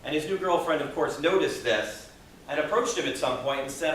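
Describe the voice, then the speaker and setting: A man giving a motivational speech to a live audience in a meeting room, expressive and asking the audience questions. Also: a little high, fairly quick, slight background noise. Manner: expressive, acts out quoted people, audience questions. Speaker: Toastmasters speaker. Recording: echoey room from far off.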